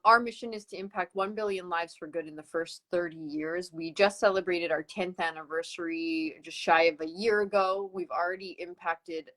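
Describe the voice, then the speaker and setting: A woman with a West Coast Canadian accent hosting a live-streamed sales pitch, upbeat and enthusiastic, talking into a computer mic on a video call. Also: a bit bright, rough recording.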